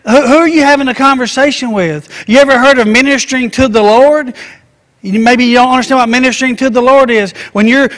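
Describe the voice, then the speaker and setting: A man with a strikingly high voice preaches a sermon, firing off rhetorical questions and slipping into little voices to act out everyday chatter. The recording carries a long hall reverb. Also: a little fast, a bit bright.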